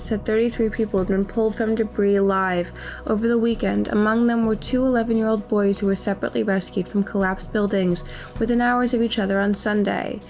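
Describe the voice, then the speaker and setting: A woman reads the morning headlines from a news desk. Her delivery is even and measured, every line scripted and steady. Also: medium pitch. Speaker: news reader.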